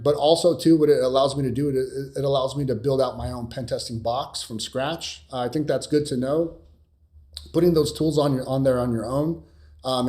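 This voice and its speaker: A man's voice: medium pitch, darkish tone. A young man from California chatting casually in a live Q&A, rambling with many fillers and restarts, blunt and swearing at times. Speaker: cybersecurity streamer answering viewer questions.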